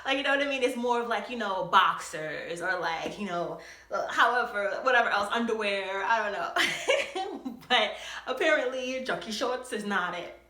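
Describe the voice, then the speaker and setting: Young woman from New York, storytime vlogger, bright and chatty; echoey room. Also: medium pitch, normal speed. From New York City. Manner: chatty and animated, full of "like" and "you know". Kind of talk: storytime vlog.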